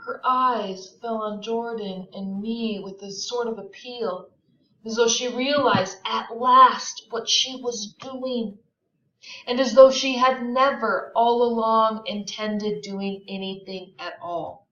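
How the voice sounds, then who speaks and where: Woman teacher reading and explaining a book, bright voice, kinda muffled lo-fi audio. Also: a little high, fairly even intonation, takes it slowly. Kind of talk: reading aloud and explaining a novel. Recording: roomy, dull lo-fi recording.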